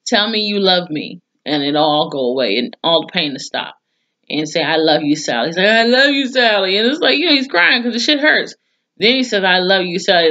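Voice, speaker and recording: A woman's voice: sits low, a bit bright, lo-fi sound. Casual swearing woman recapping. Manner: chatty and blunt, swears freely, reacts with mock disgust. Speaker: TV episode reviewer.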